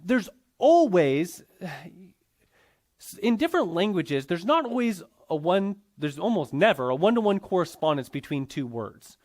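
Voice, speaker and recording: A man's voice: high voice, big pitch swings, unhurried, darkish tone. A man teaching a Bible class in a conversational lecture style, often checking in with his students.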